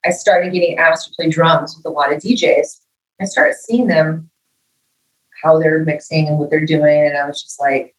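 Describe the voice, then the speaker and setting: Lowish voice, woman musician telling stories in an interview, sounds kinda far from the mic, echoey room. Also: moderate pace. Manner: animated storyteller, acts out quoted dialogue. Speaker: guest musician. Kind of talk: casual interview talk.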